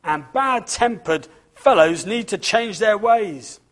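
A man's voice: high voice, lively intonation, takes it slowly, a bit bright, exaggerated voice. A man voicing a cheerful, polite storybook character with a prim, genteel manner. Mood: primly cheerful.

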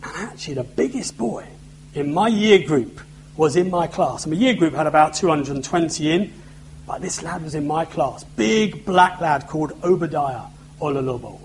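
A man's voice: fairly high pitch, expressive, moderate pace, a little hiss or hum, rough recording. A man preaching a sermon in a conversational way, with self-deprecating humor.

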